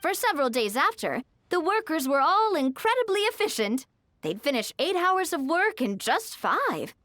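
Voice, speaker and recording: A woman voicing a confident, upbeat noblewoman running a business in a video game, speaking in an animated way. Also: sits high, normal speed, dry recording, clean studio sound. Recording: game audio with music.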